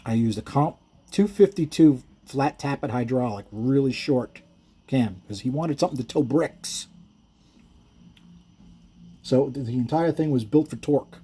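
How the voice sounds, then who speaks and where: A man's voice: medium pitch, measured pace, pauses often, dark tone, husky. A man who builds engines, explaining his work in casual, rambling shop talk that wanders into stories, with frequent self-corrections and chuckles.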